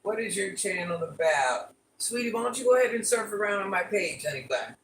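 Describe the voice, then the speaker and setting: Speaking at medium pitch, a little fast and in an animated way, an older woman chats with viewers on her casual live stream and keeps urging them to like and subscribe. Her voice comes from a distance in an echoey room, over a faint hiss or hum.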